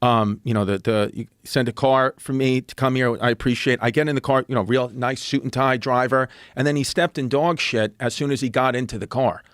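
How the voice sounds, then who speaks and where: A man's voice: medium pitch, steady tone, brisk, hardly any pauses, clean tone, dry recording, clean studio sound. A man, telling rambling, profane anecdotes as a podcast guest. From New York City. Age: 30s. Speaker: guest comedian. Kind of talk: casual podcast storytelling.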